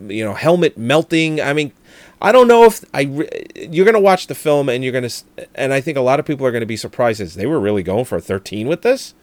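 A man's voice: medium pitch, lively intonation, quick pace, a little mellow, dry recording. A man co-hosting a casual film-review chat, hesitant and skeptical, often trailing off mid-sentence. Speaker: podcast co-host.

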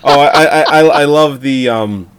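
A man's voice: medium pitch, slight background noise. Laid-back man with a middling voice. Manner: laid-back, quick to chuckle, stammers on starts. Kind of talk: casual film discussion.

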